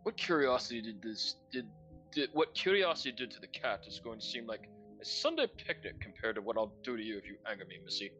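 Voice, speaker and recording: A man's voice: medium pitch, big pitch swings, fairly quick, bright, forceful tone, faint music behind. A man voicing a sinister, theatrical clown showman who calls himself a Duke of Hell, mocking and threatening. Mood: menacing.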